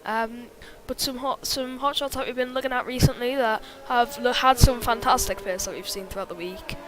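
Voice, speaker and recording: A woman's voice: on the high side, fairly even intonation, moderate pace, music in the background. Chatty woman commentating a sim race. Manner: chatty, many fillers, reads chat. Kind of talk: live sim-racing commentary.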